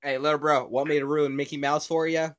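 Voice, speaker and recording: A man hosting an unscripted podcast, with a voice pitched a bit above most men's. He rambles goofily and jokes, breaking into laughter often. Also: little pitch movement, a little fast. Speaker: podcast host. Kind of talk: casual improvised podcast chat.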